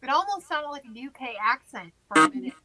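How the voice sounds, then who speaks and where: A woman's voice: sits high, big pitch swings, fairly quick, a crowd in the background, low-quality recording. A woman hosting a live spirit-box session, talking in a soothing, sympathetic, reassuring way. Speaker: paranormal investigator host.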